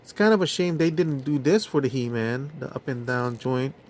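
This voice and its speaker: A man's voice: medium pitch, slight background noise. A man casually reviewing action figures, talking in a hesitant way with many fillers. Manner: slow, hesitant, lots of fillers. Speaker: toy reviewer.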